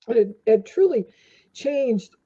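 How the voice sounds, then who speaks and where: A woman's voice: on the high side, lively intonation, slow pace, warm tone, husky. An older woman, a guest in an interview, telling rambling stories with lots of fillers. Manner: rambling anecdotes with many fillers. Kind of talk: casual storytelling interview. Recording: dull lo-fi audio.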